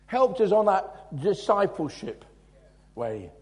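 Animated preacher, higher voice. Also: male voice, slow pace. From England. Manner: animated storytelling, swings between loud emphasis and quiet asides. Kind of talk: sermon with personal stories.

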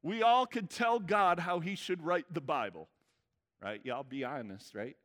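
A man's voice: a little high, unhurried, a bit bright. A man preaching a sermon in a conversational way, often checking in with the congregation. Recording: church hall reverb.

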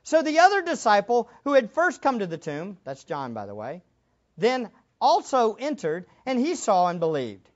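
Animated woman preaching, lo-fi sound. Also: a little high. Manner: animated, emphatic, laughs and acts out quotes. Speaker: Bible teacher. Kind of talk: sermon.

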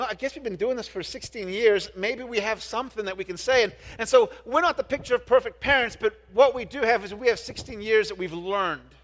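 A man's voice: high voice, a bit bright. A middle-aged man preaching a sermon as a pastor, earnest, often restarting words and turning to the congregation with questions. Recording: long reverb of a large hall.

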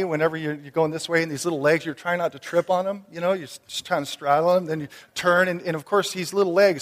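A man in his thirties or forties preaching a sermon as a pastor, conversational and animated. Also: on the high side. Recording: long reverb of a hall.

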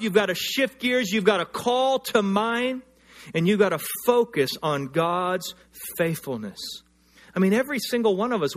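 High-voiced passionate male preacher. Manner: passionate preaching, swinging between loud emphasis and hushed tones. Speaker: pastor. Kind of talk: sermon.

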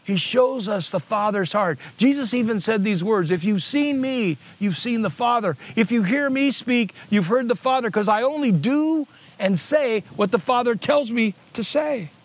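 A man's voice: extremely high pitch, expressive, moderate pace. A middle-aged male pastor preaching a sermon earnestly, restating key points on purpose to drive them home.

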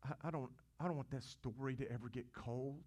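A man's voice: medium pitch, a little fast, a little mellow, slightly rough. A man preaching a sermon. He asks the congregation questions, repeats words as he goes, and swells to emphatic peaks. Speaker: pastor.

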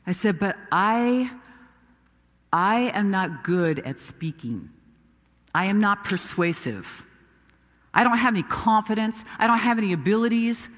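A man's voice: high-pitched, animated, measured pace, pauses often, a bit bright, long reverb tail. A man playing Moses, earnest self-doubting prophet. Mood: pleading. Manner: earnest, emphatic storytelling with pleading questions. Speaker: preacher. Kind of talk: first-person dramatic sermon monologue.

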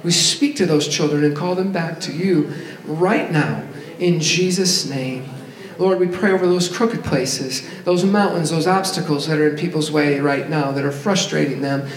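A man's voice: a little high, normal speed. A man, a pastor, leading a fervent declaring prayer from the pulpit. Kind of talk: sermon prayer. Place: church sanctuary. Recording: echoey church sanctuary.

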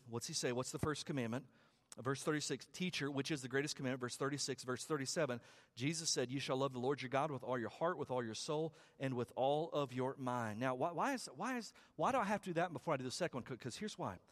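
A man preaching a sermon as pastor, talking conversationally, repeating words, and building to loud, high climaxes. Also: fairly quick.

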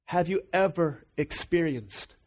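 A man's voice: on the high side, expressive, slow. A man preaching a sermon, earnest and emphatic, asking the congregation rhetorical questions. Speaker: pastor.

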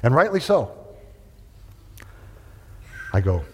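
A man's voice: mid-range voice, takes it slowly, breathy edge. A middle-aged man preaching a storytelling sermon, acting out the people in his story as he goes. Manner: animated, acts out every quote. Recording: long reverb of a large hall.

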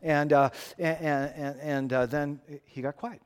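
Animated male preacher in a reverberant hall. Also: on the high side, measured pace, clear, resonant tone. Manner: animated storytelling, rising and falling, repeated restarts. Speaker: pastor. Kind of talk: sermon with personal story.

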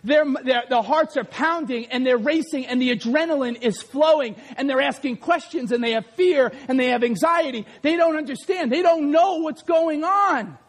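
A male pastor with a very high voice delivers a lively sermon. He acts out scenes and raises his voice to a shout at the peaks. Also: normal speed, hardly any pauses. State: out of breath after acted run.

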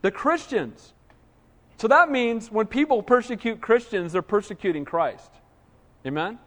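High-voiced preacher in a reverberant hall. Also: male voice, unhurried. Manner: animated preaching with call-and-response. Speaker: pastor. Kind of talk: sermon.

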